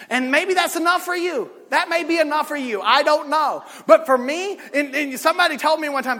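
A male pastor preaching a sermon, swinging between loud shouting and quiet, close talk. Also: extremely high pitch, brisk, hardly any pauses. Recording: long reverb of a church hall.

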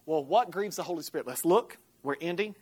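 An American woman preaching a sermon, telling a personal story with lively swings from loud to hushed and acting out the voices she quotes. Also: on the low side, brisk, breathy edge. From United States.

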